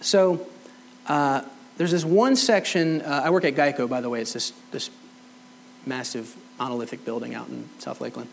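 A man's voice: medium pitch, steady tone, moderate pace, gravelly, slight background noise, poor audio. A middle-aged man preaching a sermon, telling a personal story and acting out both sides of the conversation. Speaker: pastor. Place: church hall.

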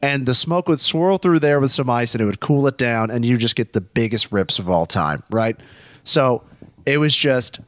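A young man telling a story in casual chat, animated, swearing often and acting out quotes. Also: mid-range voice, moderate pace, no echo, studio quality.

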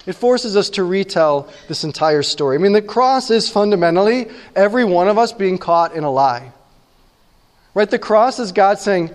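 A man's voice: sits high, animated, normal speed. A man preaching a sermon as pastor, earnest and conversational, often repeating words as he voices the people in the stories he tells. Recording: long reverb in a large hall.

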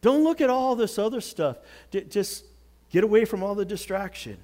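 A man preaching a sermon, telling a Bible story with dramatic swings from loud outbursts to hushed words. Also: high-pitched, lively intonation, normal speed. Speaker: pastor.

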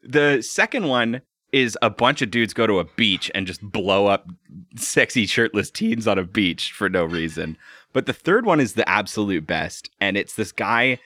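A man in a casual podcast chat, with a low but bright, ringing voice that rises and falls a lot. He talks animatedly, laughs often and restarts his sentences, and the sound is close and dry. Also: dry recording. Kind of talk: casual chat reviewing a cartoon.

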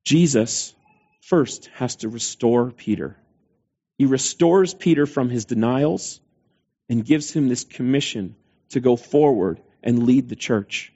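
A man's voice: mid-range voice, slow pace, warm tone, breathy edge, highs cut off. A man preaching a sermon, retelling scripture in a conversational way with quoted dialogue. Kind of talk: sermon storytelling.

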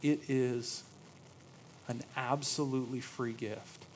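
A man in his thirties preaching a sermon, moving between quiet reverent passages and lively storytelling. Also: mid-range voice, slow pace, slight background noise, low-quality recording. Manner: storytelling, swings from hushed awe to lively anecdote. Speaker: pastor.

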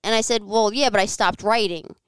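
A woman guest on a podcast, sitting in a home living room, opens up about a personal story, talking frankly with frequent "like" and an odd curse. Her voice is medium-pitched, steady and clean, moving a little fast, in a dry recording.

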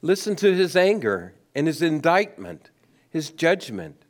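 A man preaching a sermon, asking rhetorical questions and letting his voice swing between high emphasis and low, quiet stress. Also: sing-song, a little slow. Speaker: pastor.

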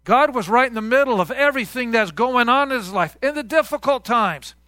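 Bright, high-voiced male pastor preaching. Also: lively intonation, fairly quick, no room sound, clean studio sound. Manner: conversational, call-and-response with congregation. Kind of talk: sermon.

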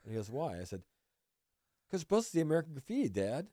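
A man in his sixties, a podcast guest, telling animated, profane stories in casual chat and acting out quotes. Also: a little high, fast talker, no room sound, studio quality.

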